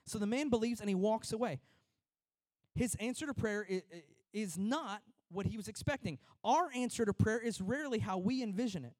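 A man preaching a conversational sermon as a pastor, acting out prayers and replies in lively voices. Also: high-pitched, moderate pace, no room sound.

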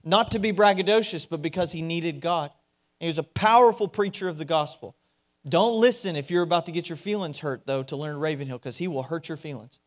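A man with a high-pitched voice preaching a sermon. He surges into loud, urgent emphasis, then drops to a hush, and he repeats his key lines to drive them home. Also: a little fast. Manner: dynamic, swings from loud emphasis to hushed.

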